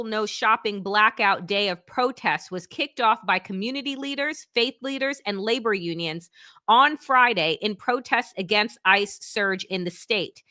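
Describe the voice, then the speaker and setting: Woman host, bright clear voice, dry close sound, heated but chatty, reads headlines aloud. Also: medium pitch, normal speed, no echo. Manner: impassioned, conversational, reads news aloud. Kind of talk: live political talk show.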